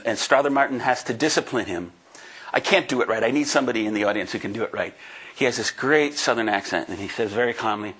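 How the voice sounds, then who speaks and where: Husky older guy in his sixties, folksy and emphatic, giving a talk to an audience. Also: medium pitch, a bit bright. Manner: emphatic and folksy, with frequent "right?" asides. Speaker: conference speaker and book co-author. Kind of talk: lively presentation to an audience. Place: talk before a live audience.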